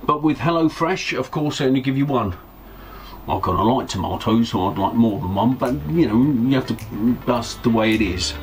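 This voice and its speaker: A man narrating his own vlog in a casual, rambling way, with self-deprecating asides and an average-pitched voice. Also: lively intonation, moderate pace, slight background noise. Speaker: narrowboat vlogger.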